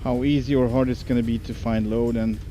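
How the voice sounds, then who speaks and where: A man's voice: medium pitch, flat delivery, fairly quick, warm tone. A man streaming a driving game, chatting casually and thinking aloud with many fillers. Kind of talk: casual live-stream commentary. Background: music.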